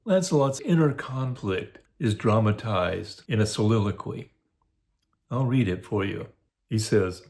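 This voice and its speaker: A man giving a recorded lecture as a course instructor, in a measured, academic way. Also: fairly low pitch, animated, darkish tone.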